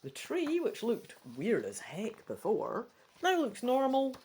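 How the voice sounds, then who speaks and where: A woman with a Scottish accent reading a gamebook aloud, breaking off into chatty, quick asides. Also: a little high, wildly swooping pitch, darkish tone. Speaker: gamebook reader. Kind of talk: casual read-through with chatty asides.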